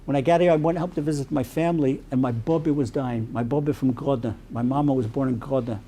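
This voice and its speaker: A man as a rabbi giving a storytelling sermon, animated and peppered with Yiddish and Hebrew terms. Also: mid-range voice, fast, a little hiss or hum.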